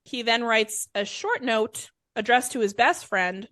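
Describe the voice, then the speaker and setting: A woman's voice: fairly high pitch, measured pace, a bit bright, no echo, clean studio sound. A woman podcast host telling a crime story in a chatty, irreverent way, swearing freely. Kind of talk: casual comedic storytelling.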